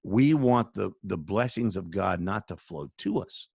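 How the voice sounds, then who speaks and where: Male charity spokesman, earnest and sermon-like, lower voice, dry video-call sound. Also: lively intonation, unhurried, creaky, darkish tone, slightly rough, no room sound. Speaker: charity spokesman, radio guest.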